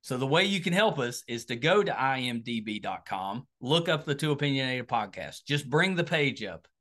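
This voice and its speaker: A middle-aged man with a West Virginian accent, a podcast host talking casually through an outro and a pitch for support, rambling with lots of fillers and restarts. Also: sing-song, normal speed, a bit bright.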